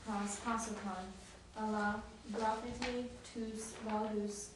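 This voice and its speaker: Woman student reading slowly and flatly. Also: mid-range voice. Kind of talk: reading and translating aloud in class. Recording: echoey classroom from far off with background noise.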